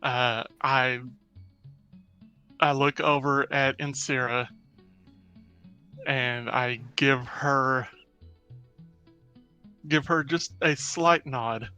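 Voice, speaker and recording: A man playing a tabletop game, describing his character's actions in a halting, deliberate way. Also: mid-range voice, fairly even intonation, bright, forceful tone, clear, resonant tone, dull audio, faint music behind. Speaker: player.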